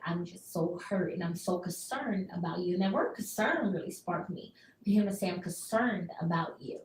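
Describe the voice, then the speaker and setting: A woman radio host giving a chatty, expressive recap that she acts out with quick bits of dialogue. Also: lowish voice, reverberant, far from the mic, low-quality recording.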